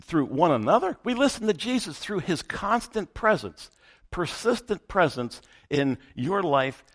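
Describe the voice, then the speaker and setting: A man's voice: high-pitched, big pitch swings, a little slow. A man preaching a sermon as pastor, emphatic and repeating his key phrases for weight.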